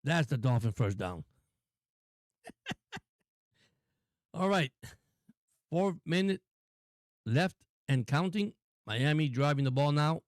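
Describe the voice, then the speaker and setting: Excitable male play-by-play streamer. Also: on the high side, takes it slowly, pauses often, no echo. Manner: excitable, repetitive, addresses viewers as guys. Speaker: host and play-by-play caller. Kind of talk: live-stream play-by-play commentary.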